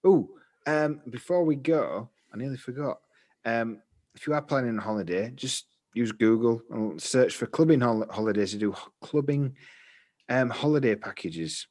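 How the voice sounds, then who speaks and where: A man rambles happily through casual podcast chat. He drifts between thoughts and pokes fun at himself, in an everyday middle-pitched voice. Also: expressive, moderate pace, darkish tone. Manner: rambling, chatty, self-deprecating. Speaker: podcast co-host.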